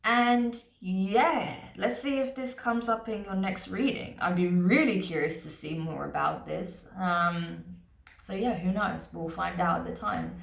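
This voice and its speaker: A woman chats through a tarot reading for her viewers, laughing often and tagging her points with "right?". Her voice sits fairly low with a gravelly edge. The room around her echoes. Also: unhurried. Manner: chatty, laughing often, many fillers and tags like "right?". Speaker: tarot reader.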